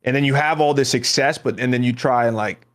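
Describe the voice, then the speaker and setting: A man's voice: medium pitch, a little fast. A man hosting a gaming podcast in a loose, rambling, casual way. He hesitates and restarts often while hunting for his point. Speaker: podcast host.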